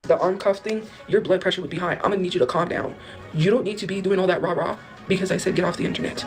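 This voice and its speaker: A woman's voice: fairly low pitch, quick pace, music in the background. A woman in a played clip rambling and mocking someone, repeating herself. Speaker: internet personality in a clip. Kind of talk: casual rant to camera.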